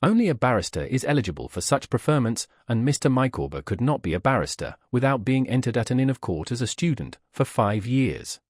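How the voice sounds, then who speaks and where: A man's voice: mid-range voice, very animated, fairly quick, hardly any pauses, dry recording, clean studio sound. A man reading the part of a mild, careful young man in an audiobook, explaining things plainly and patiently.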